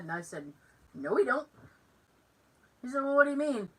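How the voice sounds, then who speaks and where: Lively Massachusetts woman telling a story. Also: on the high side, a little slow, long pauses, husky, distant mic, low-quality recording. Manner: animated, acts out other people's lines in the story. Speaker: podcast co-host. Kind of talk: casual storytelling chat.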